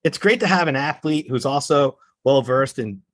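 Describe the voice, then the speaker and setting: A man's voice: medium pitch, expressive, moderate pace. A male podcast host with a mid-range voice who praises his guest at length. He restarts his sentences often as he steers the interview toward its close. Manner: warm, effusive praise with filler restarts. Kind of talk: interview hosting.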